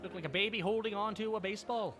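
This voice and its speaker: A Canadian VTuber streamer with a high voice talks fast, chatting casually with his live-stream viewers. He's animated and joking, riffing on their comments while music plays in the background.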